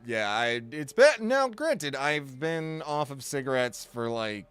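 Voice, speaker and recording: A man's voice: mid-range voice, sing-song, takes it slowly, fairly bright tone, smooth. A man chatting casually on a live stream, rambling, correcting himself often and joking along with his chat. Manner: rambling, self-correcting, jokey.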